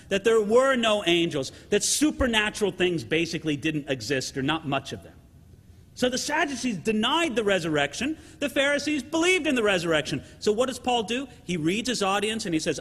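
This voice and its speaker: A man preaching a sermon to his congregation in an animated way, often checking in with the listeners by asking "right?". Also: sits high, long reverb tail. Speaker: pastor.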